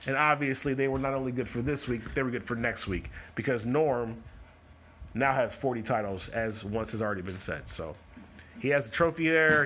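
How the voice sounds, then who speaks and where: A man's voice: mid-range voice, a bit bright. A man hosting a live stream, chatting casually and joking while he breaks down bowling shots. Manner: chatty and joking, talks fast in spurts. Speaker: host of a bowling coaching show. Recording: live stream with faint noise.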